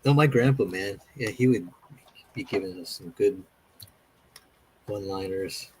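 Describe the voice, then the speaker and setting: A man's voice: sits low, a little slow, a little mellow, slight background noise. A man in casual chat on a call, telling funny stories and acting out what others said, often laughing. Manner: laughing storyteller, acts out quotes.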